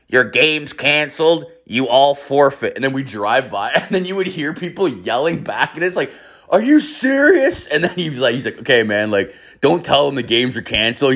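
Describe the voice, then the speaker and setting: A young man from Ireland telling a rambling, swear-filled party story in casual chat, acting out quotes with sudden jumps in pitch. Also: fairly bright tone. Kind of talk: casual anecdote, heavy swearing.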